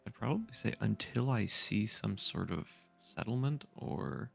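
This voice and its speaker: Gravelly deep-voiced man playing a tabletop game. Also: expressive, measured pace, faint music behind. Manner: hesitant, thinking aloud with fillers. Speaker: player. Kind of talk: casual play at a tabletop game.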